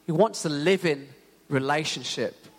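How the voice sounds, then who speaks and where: A man's voice: on the high side, a little slow. A young man preaching a sermon in a casual, storytelling way, full of "you know" fillers. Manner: conversational, animated storytelling with many fillers. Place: church hall. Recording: long church hall reverb.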